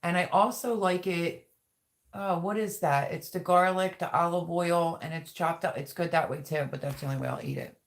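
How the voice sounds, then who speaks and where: A woman's voice: on the low side, fairly even intonation, normal speed. A woman hosting a casual live stream, greeting viewers by name and chatting while she reads their comments. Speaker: livestream host.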